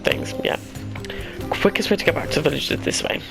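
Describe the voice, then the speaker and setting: Chatty man with a gravelly voice. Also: fairly high pitch, brisk, music in the background. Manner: relaxed, chatty, self-deprecating. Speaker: gaming YouTuber. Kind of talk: casual let's-play commentary.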